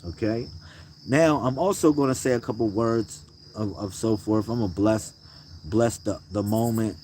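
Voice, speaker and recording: A young man talking casually on his own channel, relaxed and slangy, pausing often with restarts. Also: on the low side, slight background noise. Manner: laid-back, slangy, laughs often, many restarts. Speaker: spiritual vlogger. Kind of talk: casual chat and spiritual talk.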